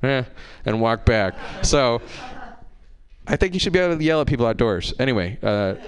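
A man doing a stand-up set, telling a profane, rambling story that builds to yelling, on a handheld mic in a comedy club. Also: medium pitch, very animated, fairly quick.

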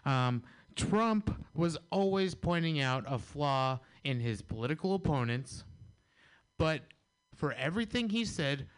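A man delivers a stand-up set, his pitch rising and falling a lot. He tells his jokes dryly. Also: lively intonation, measured pace. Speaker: stand-up comedian.

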